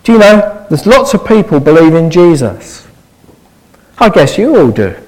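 Male preacher, earnest sermon delivery, high and very animated pitch, eager rhetorical questions. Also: moderate pace, rough recording.

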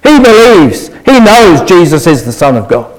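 Male preacher, earnest sermon delivery, high and very animated pitch, eager rhetorical questions. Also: normal speed, rough recording.

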